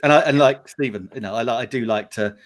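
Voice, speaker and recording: A middle-aged Englishman, chatting casually on a live video panel. He tells long, rambling stories and laughs often as he goes. His voice sits at an ordinary, mid-range pitch. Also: quick pace. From England. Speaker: panel guest. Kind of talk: casual chat.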